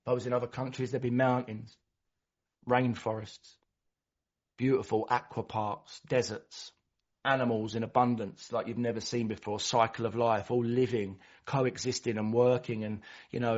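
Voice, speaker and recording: Passionate man sharing at a recovery meeting. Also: mid-range voice. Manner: passionate, storytelling, acts out voices. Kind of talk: personal share at a recovery meeting. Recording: dull lo-fi recording.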